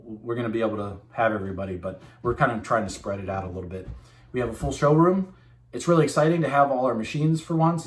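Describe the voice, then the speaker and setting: Rambling salesman in an echoey room. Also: medium pitch. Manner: rambling, self-correcting, candid. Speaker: machine tool sales representative. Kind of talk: casual direct-to-camera update.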